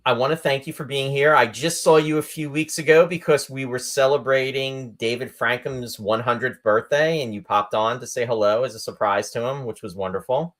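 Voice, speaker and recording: A man's voice: mid-range voice, normal speed, few pauses, fairly bright tone. A man hosting an online show over a computer microphone, keeping up an upbeat, chatty patter. He greets his viewers one by one by name. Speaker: host. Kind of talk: casual live-stream chat.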